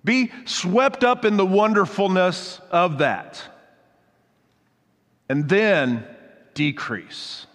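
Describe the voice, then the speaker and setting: A man's voice: sits high, sing-song, takes it slowly, pauses often, fairly bright tone. Earnest male pastor in a reverberant hall. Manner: earnest, exhorting, repeats phrases for emphasis. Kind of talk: sermon ending in prayer. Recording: long reverb of a large hall.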